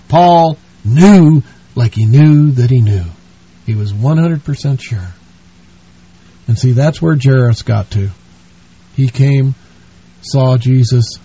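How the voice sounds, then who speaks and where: A man's voice: mid-range voice, warm tone, breathy edge. A man preaching a sermon in an earnest, pleading way, speaking to the listener as a friend, on a dull lo-fi recording.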